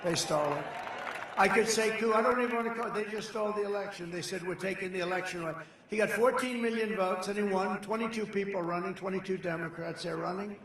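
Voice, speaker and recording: A man's voice: high-pitched, fast, a bit bright. A man giving a campaign rally speech, emphatic and digressive, repeating his points. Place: large rally venue before a crowd. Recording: very echoey PA sound from far off, crowd noise.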